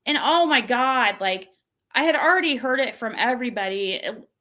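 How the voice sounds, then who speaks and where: A woman hosting her own channel rants casually and with exasperation during a livestream, mocking the messages she received by quoting them in a shrill voice. Her voice is pushed and bright, with lively intonation and a moderate pace.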